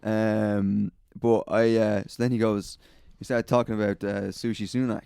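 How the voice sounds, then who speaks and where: A man's voice: lowish voice, little pitch movement, a little slow, vocal fry, warm tone, smooth, dry recording, clean studio sound. A man co-hosting a podcast, telling a story in casual chat, rambling and swearing with frequent laughs. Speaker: podcast co-host.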